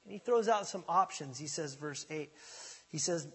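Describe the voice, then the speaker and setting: A male pastor preaching with a husky, fairly high voice. He talks conversationally, moving from loud emphatic bursts to hushed asides. The sound carries the long reverb of a large church hall. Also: animated, moderate pace. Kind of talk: sermon.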